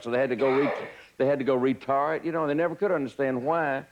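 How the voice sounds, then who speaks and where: A man's voice: medium pitch, quick pace, a little hiss or hum. Older guy looking back, dry little asides. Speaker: interviewee, former entourage member. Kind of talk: reflective reminiscence.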